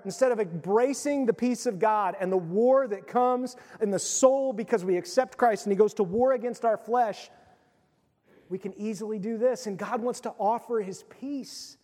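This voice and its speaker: A man's voice: sits high, a little mellow, big-room sound. A middle-aged male pastor preaching a sermon in a conversational, emphatic way.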